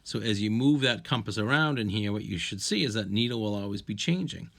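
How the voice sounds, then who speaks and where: Low-voiced man teaching a recorded science lesson. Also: animated, fairly quick, creaky, a bit bright. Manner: explanatory, with frequent restarts and "if you will"; walking students through slides. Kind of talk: recorded online class lesson.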